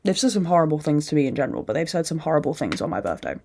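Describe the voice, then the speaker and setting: A young woman talks alone into the mic, her voice sitting low and dark. She is drained and upset, and she vents openly with plenty of swearing. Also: expressive, fast talker, few pauses, slight background noise. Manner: emotional venting, frequent swearing. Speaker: podcast host. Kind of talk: candid solo monologue.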